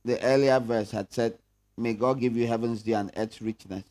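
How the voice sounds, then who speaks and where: A man's voice: mid-range voice, fairly even intonation, moderate pace, a little mellow. A man leading a prayer meeting Bible study, talking conversationally and asking the room questions. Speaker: pastor.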